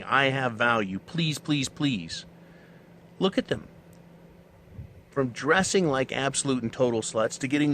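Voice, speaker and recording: A man's voice: medium pitch, slight background noise. A middle-aged man talking in a casual monologue, blunt and profane, ranting with mocking asides. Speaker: channel host.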